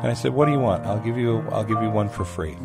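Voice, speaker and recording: A man, a food truck owner telling stories as a guest in a casual interview, animated and acting out the people he quotes. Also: on the low side, fast talker, vocal fry, over loud music. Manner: animated, acts out quoted voices.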